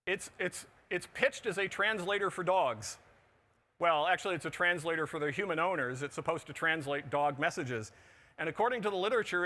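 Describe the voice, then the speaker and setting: A man's voice: a little high, fairly quick, pushed and bright. A middle-aged man giving a humorous conference talk, with wry jokes and asides. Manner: wry, joking delivery with asides. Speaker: conference speaker. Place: conference pavilion on a show floor.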